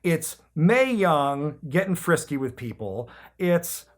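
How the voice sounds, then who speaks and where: Male podcast host, comedic wrestling recap, swings his pitch around a lot, jokey and loose. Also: takes it slowly. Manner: animated, jokey, swears casually, acts out quotes.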